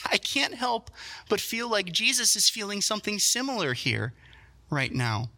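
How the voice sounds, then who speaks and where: A young man delivers a sermon in a very bright, forceful voice that sits a little high. He tells stories with animated energy and pokes fun at himself along the way. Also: brisk. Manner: animated storytelling, self-deprecating asides. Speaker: pastor.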